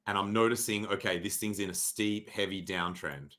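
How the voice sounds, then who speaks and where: A young adult man hosting a casual livestream, sarcastic and mock-dramatic, swearing freely and often clearing his throat. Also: on the low side, steady tone, moderate pace, a bit bright. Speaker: livestream host reviewing crypto charts. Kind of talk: casual livestream chart talk.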